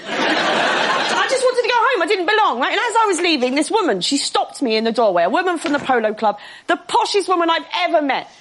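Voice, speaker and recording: A woman telling a stand-up story in a dry, deadpan way. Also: very high voice, brisk, slight background noise. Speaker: stand-up comedian. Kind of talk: stand-up set.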